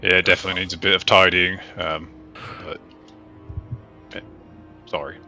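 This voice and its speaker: Deep, bright-toned easygoing player. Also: male voice, little pitch movement, normal speed, faint music behind. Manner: easygoing, hesitant with fillers. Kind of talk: playing a character in a tabletop game.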